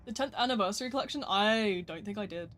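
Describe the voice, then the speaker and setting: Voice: mid-range voice, fast talker, fairly bright tone, slight background noise. A game streamer, giving rambling, self-deprecating live commentary while playing and talking to the chat. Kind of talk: casual live gameplay commentary.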